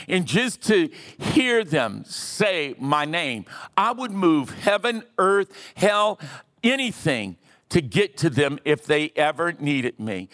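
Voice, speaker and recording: Slow-preaching man in his sixties. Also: on the high side, fairly bright tone. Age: 60s. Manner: impassioned preaching with audience callouts. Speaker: pastor. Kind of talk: sermon. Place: church auditorium.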